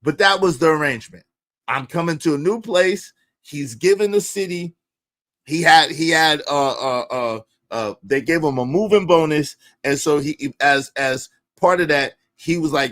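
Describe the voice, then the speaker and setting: A man telling a personal story in profane street slang, swinging between low mutters and loud outbursts. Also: moderate pace. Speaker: podcast storyteller. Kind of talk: animated storytelling.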